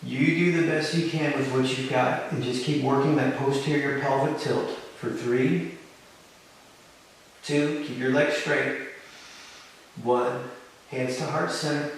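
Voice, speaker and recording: A man teaching a live yoga class, giving calm, encouraging step-by-step cues. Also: medium pitch, slow pace, long pauses, far from the mic. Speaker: yoga instructor. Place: yoga studio. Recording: very echoey room, voice from off-mic, faint hiss.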